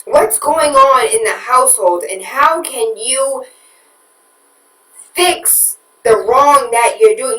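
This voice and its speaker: High voiced lady radio host going off on parents, rhetorical questions, roomy sound, kinda far from the mic. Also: animated, takes it slowly, a bit bright. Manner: preachy, asks rhetorical questions; candid, confessional. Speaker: radio talk show host. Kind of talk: talk radio monologue.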